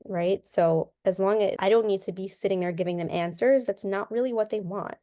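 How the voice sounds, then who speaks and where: A woman's voice: mid-range voice, fairly quick, warm tone. Woman, counseling guest, mid-range voice, explains through examples, repeats words as she restarts. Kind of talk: casual interview talk.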